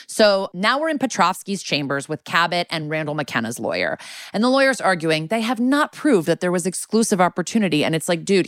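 A woman's voice: lowish voice, no echo, clean studio sound. Casual sweary woman recapping an episode. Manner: casual, sweary, many "like" fillers. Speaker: podcast co-host.

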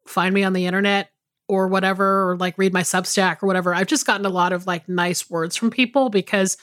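A woman's voice: mid-range voice, fairly even intonation, a little fast, fairly bright tone, no echo, studio quality. A woman co-hosting a podcast, talking casually and rambling with lots of fillers and restarts. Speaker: podcast co-host. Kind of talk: casual chat.

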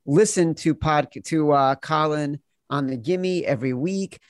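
A man hosting a sports betting podcast, teasing his guest and briskly wrapping up the show. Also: a little high, no echo, clean studio sound. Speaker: podcast host. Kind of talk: casual podcast chat.

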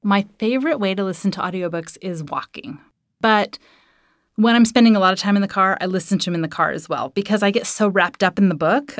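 A woman's voice: medium pitch, brisk, no room sound, clean studio sound. A woman author talking casually and enthusiastically. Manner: enthusiastic, conversational. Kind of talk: casual talk.

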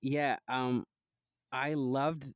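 A man's voice: mid-range voice, extremely slow, no echo, low-quality recording. A man from New Jersey, a guest telling childhood stories in a casual interview, laughing often and filling with "like". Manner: animated storyteller, laughs often, fillers like "like".

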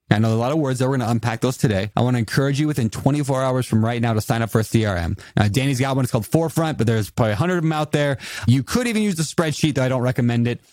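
A man hosting a podcast, talking in a playful, animated, casual way. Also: mid-range voice, dry recording. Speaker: podcast host.

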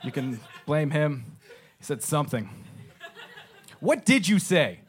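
A man's voice: fairly high pitch, very animated, slow pace, husky. A man doing stand-up crowd work on a club stage, teasing the audience in a wry, self-deprecating way. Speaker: stand-up comedian.

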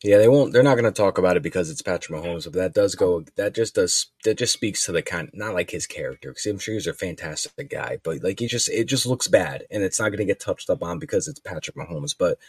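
A man's voice: low-pitched, lively intonation, fast talker, hardly any pauses, a little mellow, husky, dry recording, clean studio sound. A man hosting a casual sports podcast, easygoing, handing topics to his co-hosts. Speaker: podcast host.

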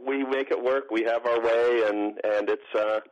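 A man's voice: medium pitch, fairly even intonation, moderate pace, muffled recording. A man, co-founder of a sports organization, chatting casually as a radio interview guest, rambling with many restarts and fillers. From grew up partly in Morocco.

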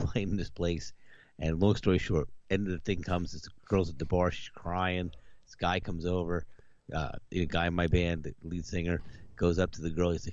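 A man with a low voice co-hosts a casual podcast and tells an anecdote with energy, acting out each person's lines. His voice is dry and close, with no room around it. The recording sounds a little dull and muffled. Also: no echo. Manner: animated storyteller who acts out the people in his anecdotes. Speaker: podcast co-host. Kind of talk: casual chat, storytelling.

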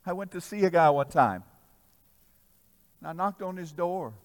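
A man preaching a sermon to a congregation, telling a story, swinging between loud exhortation and soft asides, asking the crowd questions. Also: high voice, lively intonation, moderate pace. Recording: long reverb of a large hall.

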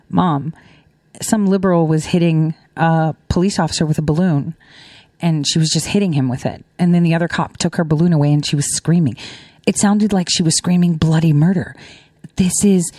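A woman's voice: low-pitched, dark tone, no room sound, studio quality. A middle-aged woman talking casually to her viewers, emphatic and repetitive, with lots of rhetorical questions. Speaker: commentator.

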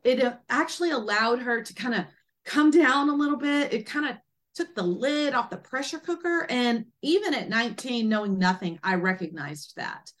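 A woman guest, an author and doula, telling a personal story with animated energy and acting out quoted speech. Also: on the high side, normal speed. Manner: lively, acts out quoted speech in a raised voice.

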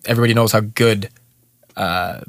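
A man who is a sports anchor, a guest on a podcast, talking humbly and trailing off quietly at the ends of his thoughts. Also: lowish voice, steady tone, normal speed, no room sound. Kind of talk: casual interview chat.

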